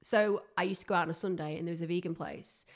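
A woman's voice: fairly low pitch, fairly even intonation, quick pace. A woman telling stories in an eager, casual chat, full of "like" fillers. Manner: chatty, enthusiastic storyteller with many "like" fillers.

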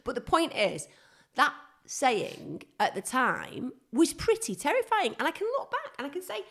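A woman's voice: sits high, normal speed. A woman in casual chat, telling stories about her family in a chatty, digressive way. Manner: chatty storyteller, digresses, animated.

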